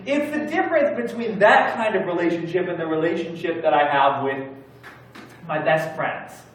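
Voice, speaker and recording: A man preaching a sermon in a church, telling stories in a relaxed, conversational way. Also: sits high, normal speed, slight background noise. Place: church sanctuary. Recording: very echoey church hall from far off.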